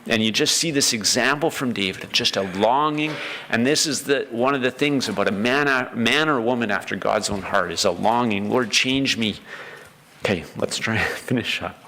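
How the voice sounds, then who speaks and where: A man's voice: medium pitch, bright, forceful tone, a little hiss or hum. A man preaching a sermon as pastor, earnest, acting out the prayers of the story with feeling.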